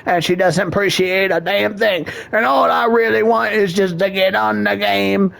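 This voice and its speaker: A man's voice: high-pitched, fairly even intonation, normal speed, creaky, a bit bright, exaggerated voice. A man voicing a lazy, defensive husband who rants bluntly and keeps tagging his phrases with a folksy catchphrase. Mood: blustering. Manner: blustering, ends every phrase with "there, bud".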